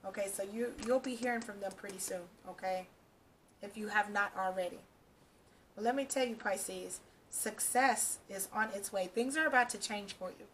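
A woman's voice: medium pitch, moderate pace, a bit bright, slight background noise. Reassuring woman reading tarot cards. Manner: reassuring, repeats "okay" and "all right" to the viewer. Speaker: tarot reader. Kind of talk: casual tarot reading to camera.

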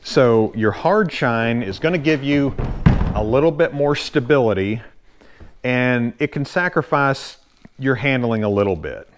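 A man's voice: medium pitch, measured pace, slight background noise. Laid-back Southern man explaining kayaks. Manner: relaxed, folksy, loose with fillers. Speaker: kayak channel host and retailer. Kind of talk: casual instructional explainer.

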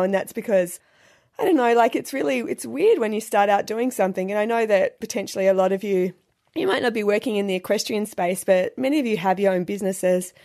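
A woman's voice: medium pitch, a little mellow. A woman hosting a solo podcast, talking in a chatty, candid way with many fillers. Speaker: podcast host. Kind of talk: casual solo podcast talk.

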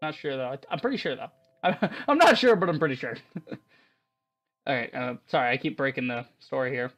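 Excitable, rambling man commenting on a game. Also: mid-range voice, moderate pace, muffled recording. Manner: excitable, rambling, laughs often. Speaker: let's-play host.

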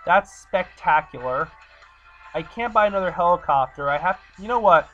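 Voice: mid-range voice, animated, normal speed, a bit bright. A gamer giving let's play commentary, exasperated and talking back to the game. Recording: slightly muffled recording, faint game music.

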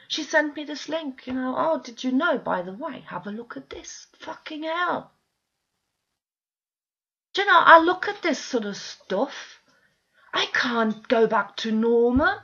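A video blogger at home, with dogs nearby, delivers an impassioned, frustrated monologue to camera, pleading with listeners and swearing often. Her voice is on the high side and fairly bright, captured in a dull lo-fi recording.

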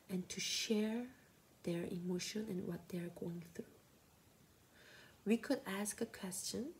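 Slow, gravelly-voiced Korean woman teaching softly. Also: medium pitch, slight background noise. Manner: slow, gentle, often whispery delivery. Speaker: counseling teacher. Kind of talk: soft-spoken teaching talk.

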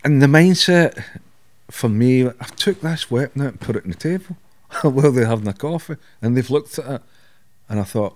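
A man's voice: medium pitch, animated, normal speed. A middle-aged Scottish man, a podcast guest, telling blunt stories in a candid interview, swearing and laughing at himself.

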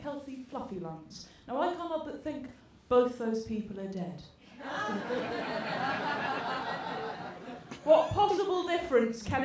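A woman's voice: high-pitched, slight background noise. A woman from England doing a stand-up comedy set on a theatre stage, teasing the audience in a brash way. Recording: roomy theatre sound from a distance. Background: audience laughter.

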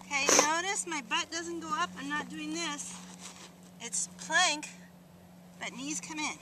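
A woman's voice: sits high, measured pace, noisy background. A woman fitness instructor leading an outdoor workout demonstration, coaching in an upbeat, encouraging way. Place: outdoors in the countryside. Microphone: camera mic held by a cameraman.

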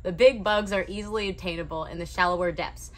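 A woman's voice: fairly low pitch, fairly even intonation, fast, fairly bright tone, a little hiss or hum. A woman co-hosting a dive shop video newsletter, chatting casually and tossing in wry asides. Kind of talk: casual promotional newsletter chat.

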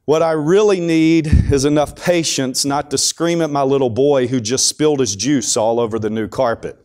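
A man's voice: medium pitch, moderate pace, darkish tone, lightly acted. A frazzled young mother prays in weary pleading tones, as a man acts her out. She is worn down and asks for help.

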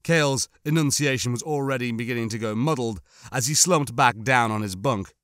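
A man narrating an audiobook in a measured, somber, dramatic reading. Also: medium pitch, a bit bright, no room sound, clean studio sound.

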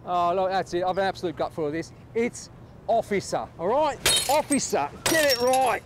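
A man playing a fed-up male police officer who rants gruffly. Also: high-pitched, fairly even intonation, very fast, heavy background noise, lightly acted. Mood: exasperated.

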